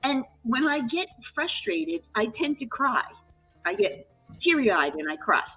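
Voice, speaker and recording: A woman retelling a work story in casual chat, animated and emotional, with many restarts. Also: fairly high pitch, measured pace. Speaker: live chat guest. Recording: tinny phone-line audio with faint music.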